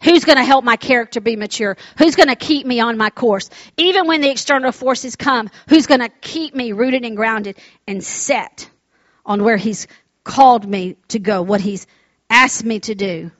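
A woman preaching a sermon with insistent repetition and calls for the congregation's response. Her voice sits fairly high. The recording is dry and slightly muffled. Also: normal speed, fairly bright tone, no echo.

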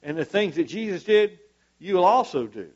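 A man's voice: sits high, big pitch swings, normal speed, lo-fi sound. A man preaching a sermon to a church congregation, fervent and emphatic, repeating his points for weight.

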